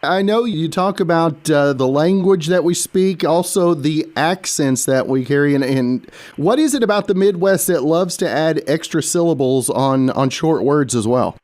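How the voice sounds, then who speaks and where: A man hosting a podcast. He reads a scripted intro and then interviews his guest, sometimes halting and repeating words as he checks his notes. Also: on the high side, darkish tone, dry recording. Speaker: podcast host.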